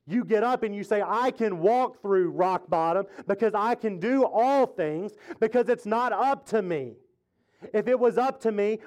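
A male pastor with a high-sitting, slightly mellow voice preaches unhurriedly in a conversational style. He hammers points home through emphatic repetition and builds toward fervent exhortation.

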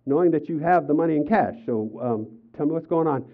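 An older man preaching a sermon as pastor, telling personal stories with animated, acted-out quotes. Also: a little high, brisk. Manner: animated storytelling, acts out quotes with raised voice. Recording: tinny phone-like sound.

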